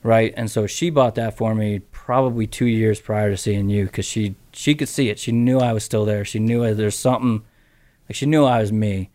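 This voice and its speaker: A man's voice: on the low side, fairly even intonation, normal speed, darkish tone, no room sound. A middle-aged man as a podcast guest, rambling with many restarts and casual swearing as he tells his story. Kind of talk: casual interview chat.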